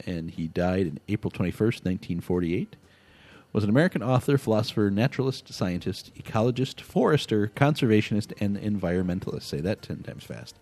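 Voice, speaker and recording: A man's voice: fairly low pitch, expressive, fairly quick, darkish tone, no echo. A man hosting a casual podcast, laughing often and telling stories with animation. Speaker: podcast host. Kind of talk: casual chat.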